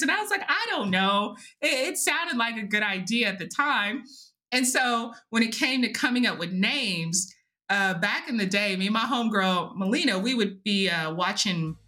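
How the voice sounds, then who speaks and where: Bright-voiced woman telling stories animatedly. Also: on the high side, normal speed, soft background music. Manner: animated, laughing, acts out quotes; casual with swearing and fillers. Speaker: podcast host. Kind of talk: casual storytelling chat.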